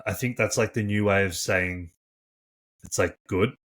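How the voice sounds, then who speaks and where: A man with a fairly low voice co-hosts a relaxed podcast, telling stories with animated, chatty energy. He scatters filler words and swearing through his talk. He sounds close to a studio mic. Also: measured pace. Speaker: podcast co-host and coach. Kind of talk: casual podcast chat.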